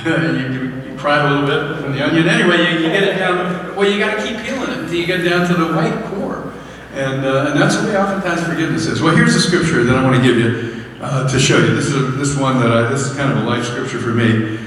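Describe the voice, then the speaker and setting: A man preaches in a big echoing hall, his voice a touch high and heard from some way off the mic. He tells candid, self-mocking stories and pushes his voice up for the big points. Faint room noise sits underneath. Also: fast. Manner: candid storytelling with frequent self-deprecating laughs; rises high and loud for emphasis. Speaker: pastor. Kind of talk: sermon. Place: church sanctuary. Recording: echoey hall, voice from far off.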